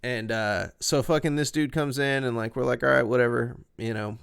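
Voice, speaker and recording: Brief: 20s male musician guest, smooth tone, mid pitch, profane animated storyteller. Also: normal speed. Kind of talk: casual storytelling.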